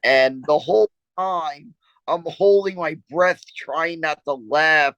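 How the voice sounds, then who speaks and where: A man co-hosting a podcast, telling stories in a halting, rambling way with many repeated words and frequent laughs. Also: on the high side, a bit bright, no echo, low-quality recording. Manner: laughs often while talking. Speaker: podcast co-host. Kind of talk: casual chat.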